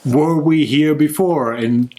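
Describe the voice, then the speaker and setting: A man's voice: on the high side, slow, mellow. A man co-hosting a board game vlog, casual and dry with teasing jokes. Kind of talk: casual chat.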